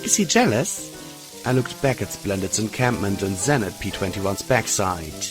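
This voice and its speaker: A man's voice: deep voice, moderate pace, over music, poor audio. A man narrating a fan-fiction audiobook, telling the story steadily and voicing every character. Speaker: audiobook reader.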